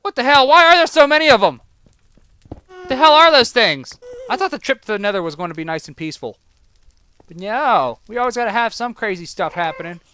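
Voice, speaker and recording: A let's-play gamer giving excited gameplay commentary, yelping in panic, swearing and pleading with the creatures that attack. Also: mid-range voice, brisk, smooth. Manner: panicky, yelps and swears at enemies; talks to the creatures in the game.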